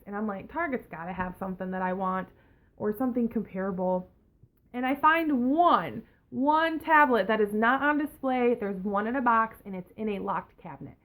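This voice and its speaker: A woman's voice: fairly high pitch, a bit bright. A woman YouTuber telling a storytime rant to camera, heated and profane, acting out both sides of the exchange. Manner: talks in a cooing baby voice to her pet.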